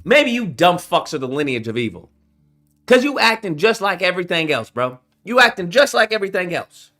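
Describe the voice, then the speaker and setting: A man's voice: sits high, very animated, brisk, pushed and bright, faint music behind. A man hosting his own channel, delivering a heated, profane, confrontational rant straight to his audience. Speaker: channel host. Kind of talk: ranting commentary to camera.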